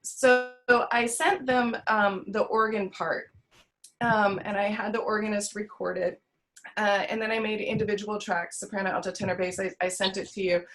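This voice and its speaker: A woman's voice: mid-range voice, steady tone, normal speed, fairly bright tone, low-quality recording. A choir director with a Californian accent explains her teaching on a video call. She talks in a thoughtful way, with many ums and restarts.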